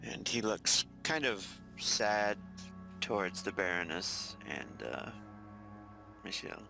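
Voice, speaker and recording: A man's voice: fairly low pitch, animated, slow pace, creaky, music in the background. A man playing in a tabletop game, describing his character's actions hesitantly, with frequent fillers. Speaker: player.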